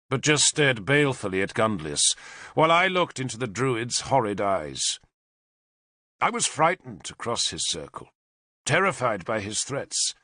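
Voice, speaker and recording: A man's voice: on the high side, sharp tone, no room sound, clean studio sound. A man narrating an audiobook in a dramatic, intense storytelling manner.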